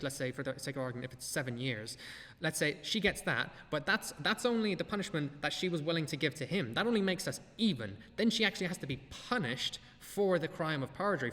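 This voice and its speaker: A man's voice: a little high, fairly bright tone, in a large hall. A man hosting a podcast, giving blunt, profane, sardonic commentary. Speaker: podcast host. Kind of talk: casual commentary.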